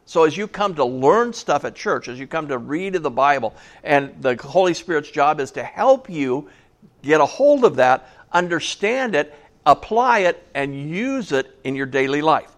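A man's voice: fairly high pitch, sing-song, normal speed. Chatty, joking male preacher. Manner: conversational, jokey, asks the congregation questions. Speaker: pastor. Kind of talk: sermon.

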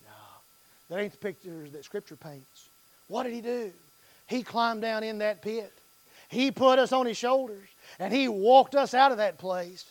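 A man preaching a revival sermon in a strikingly high voice. He drops to a low murmur and then surges into loud, stretched-out phrases. The sound is close and dry, with no room echo. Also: moderate pace.

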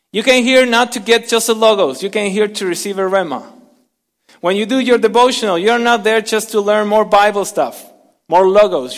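A man preaching from the pulpit with a high, carrying voice, his words ringing out in a long hall reverb. He moves between forceful emphasis and soft, hushed lines, and he has the congregation repeat words back to him. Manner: dynamic preaching, drops to soft near-whispers for emphasis. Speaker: pastor. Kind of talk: sermon.

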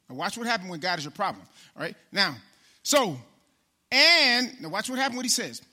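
A man preaching a casual sermon in a church, talking straight to the congregation and calling people by name, then slowing down to read scripture aloud. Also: high voice, sharp tone. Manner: conversational, addresses congregation by name, slows for scripture. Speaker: pastor.

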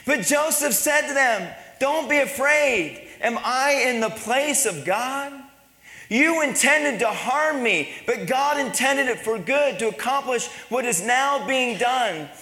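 A pastor delivering a sermon to his church, swinging between hushed, low passages and raised, emphatic ones. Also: expressive, slow pace. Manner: preaching with dynamic swings between soft and loud. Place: church sanctuary. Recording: echoey church hall.

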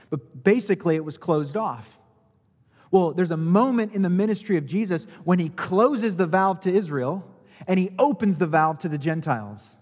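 Husky-voiced pastor preaching in a reverberant hall. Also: male voice, fairly high pitch. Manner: conversational, explains by analogy, swells in emphasis. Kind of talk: expository sermon.

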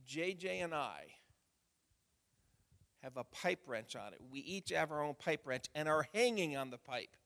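A man in middle age leads a church sermon, moving from folksy stories to measured scripture reading. His voice sits a little high for a man and has a gravelly edge. He speaks slowly, and his words ring on in a big church hall. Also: very animated, a bit bright. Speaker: pastor. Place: church sanctuary.

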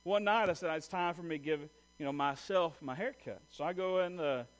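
A middle-aged man preaching a sermon, telling a funny personal story in an animated way and joking with the congregation. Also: fairly high pitch, fairly quick. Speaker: pastor.

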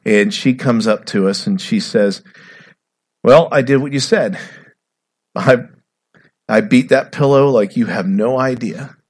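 A man's voice: medium pitch, a little slow, pauses often. Dramatic male pastor preaching. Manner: dramatic, swings from loud to hushed. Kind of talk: sermon.

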